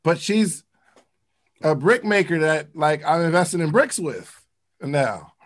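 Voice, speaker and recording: A man's voice: a little high, expressive, measured pace. A man reading passages from a book aloud and breaking in with slangy, casual comments to explain them. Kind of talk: casual teaching talk.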